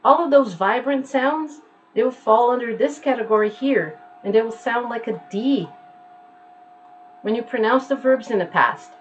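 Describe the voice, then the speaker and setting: A woman's voice: fairly high pitch, normal speed, dull audio, a little hiss or hum. A woman teaching English pronunciation online from home, patiently repeating each word to demonstrate its sound.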